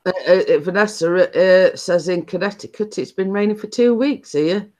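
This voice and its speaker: A woman's voice: mid-range voice, a little fast, mellow. A woman hosting a chatty live stream, telling stories in a rambling way with many restarts.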